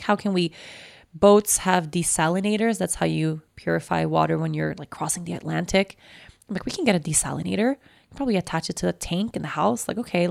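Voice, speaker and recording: A woman's voice: on the low side, creaky, a little mellow, no room sound. A woman in her thirties hosting a personal podcast, talking candidly and emotionally with many fillers, close to tears. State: near tears. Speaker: podcast host.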